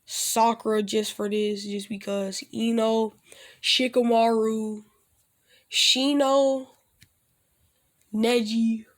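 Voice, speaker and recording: A man's voice: high-pitched, completely flat delivery, slow. A young man casually telling a self-insert fan story, rambling with lots of restarts and loosely acting out the characters' lines. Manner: rambling, with frequent restarts and fillers like "basically" and "like".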